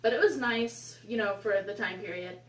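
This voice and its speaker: A woman's voice: mid-range voice, moderate pace, a bit bright. Chatty young woman in an echoey room. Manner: chatty, rambling, exasperated asides. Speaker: vlogger. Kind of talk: casual storytime. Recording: echoey room, mic at a distance.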